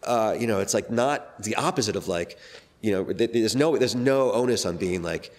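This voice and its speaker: A man's voice: on the low side, expressive, normal speed. A middle-aged man, a guest actor, talking casually in an interview, rambling with many fillers and restarts.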